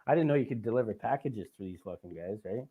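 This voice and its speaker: A man's voice: fairly low pitch, lively intonation, quick pace, mellow, breathy edge. Profane, rambling man telling a story. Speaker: podcast host. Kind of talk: casual podcast chat.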